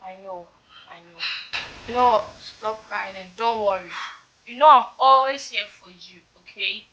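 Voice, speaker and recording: A woman's voice: a little high, measured pace, sharp tone, highs cut off, a little hiss or hum. A Ghanaian woman playing a young woman who coaxes and soothes a heartbroken male friend. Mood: coaxing. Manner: coaxing, soothing.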